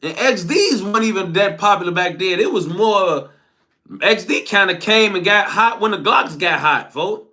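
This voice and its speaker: A young man recounts a story in loose street slang, keeping up a running address to his listeners. His voice sits high for a man and comes out bright and sharp. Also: moderate pace. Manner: animated slang-heavy recounting, frequent "folks" tags. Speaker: storyteller host.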